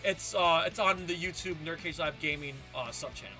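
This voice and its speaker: A man's voice: on the high side, fairly quick, sharp tone, soft background music. A man co-hosting a show, chatting casually and exclaiming as he tells stories. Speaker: podcast co-host. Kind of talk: casual chat.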